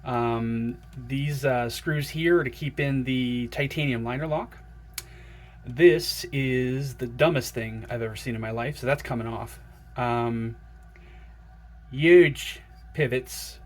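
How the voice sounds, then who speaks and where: A man excitedly unboxing and looking over a knife in a casual vlog, gushing and chatting to his viewers. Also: medium pitch, slow. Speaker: knife collector vlogger.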